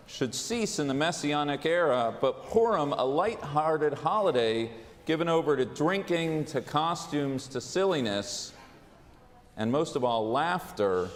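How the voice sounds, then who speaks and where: Rabbi preaching in a reverberant sanctuary. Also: male voice, mid-range voice. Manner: measured, deliberate delivery with dry humor. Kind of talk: sermon. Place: large synagogue sanctuary. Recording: long reverb of a large sanctuary.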